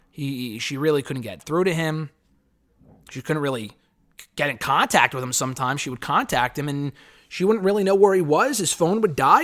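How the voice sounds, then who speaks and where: A man's voice: a little high, fairly bright tone. A man giving a casual, rambling spoken review of a wrestling show, swearing freely and correcting himself as he goes.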